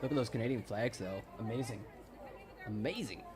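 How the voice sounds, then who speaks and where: A man's voice: mid-range voice, fairly quick, a crowd in the background, background noise. A man from Wisconsin livestreaming, joking sarcastically, laughing a lot and chatting with his viewers. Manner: jokey, sarcastic, laughs often, chats with viewers. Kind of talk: casual livestream commentary.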